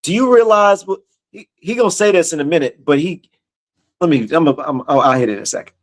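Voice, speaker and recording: Blunt, slangy man preaching with a higher voice. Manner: blunt, emphatic, repeats phrases, slangy street talk; reads scripture slowly in a raised, declaiming voice. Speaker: Bible study teacher. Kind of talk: informal preaching with scripture reading.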